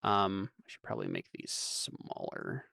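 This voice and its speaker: A man's voice: sits low, sing-song, measured pace, gravelly, bright, forceful tone, dry recording, clean studio sound. A man running a tabletop game, explaining the rules hesitantly with lots of ums. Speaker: game master.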